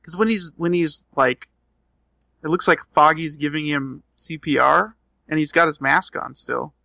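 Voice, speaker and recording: Gravelly bright-voiced man chatting. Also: a little high, normal speed, no room sound, dull audio. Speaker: podcast co-host. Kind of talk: casual chat.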